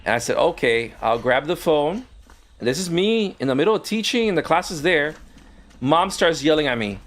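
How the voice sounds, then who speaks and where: Animated male streamer telling stories. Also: on the high side, moderate pace. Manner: animated, acts out quoted voices. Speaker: streamer and former teacher. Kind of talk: casual storytelling while gaming.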